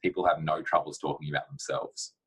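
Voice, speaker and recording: Low husky man, blunt and practical. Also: fairly even intonation, a little fast, a bit bright, rough recording. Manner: blunt, practical, with many fillers. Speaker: dietitian giving career advice. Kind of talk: casual reflective talk to camera.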